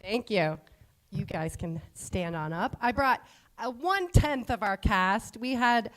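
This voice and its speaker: A woman's voice: a little high, animated, measured pace, fairly bright tone. A woman school play director cheerfully presenting to a school board and listing facts in an upbeat way.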